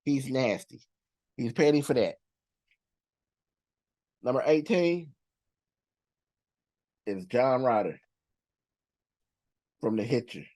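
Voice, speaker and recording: A man's voice: mid-range voice, animated, slow, long pauses, darkish tone. A man hosting a movie reaction channel, counting down characters in casual, profane slang and laughing often.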